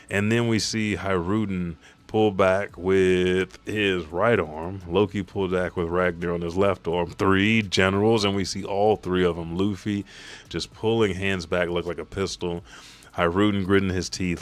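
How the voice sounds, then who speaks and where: A man with a low, deep voice talks through a comic chapter panel by panel. His delivery is casual and energetic, full of swearing and sound effects. He sounds like a relaxed fan-channel host. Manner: loose, profane, energetic play-by-play. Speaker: YouTube manga recap host. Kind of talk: casual chapter recap narration.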